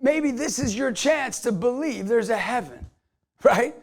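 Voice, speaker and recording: Gravelly, energetic motivational speaker man. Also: very high voice, unhurried. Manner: emphatic, energetic, storytelling. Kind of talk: motivational talk to camera.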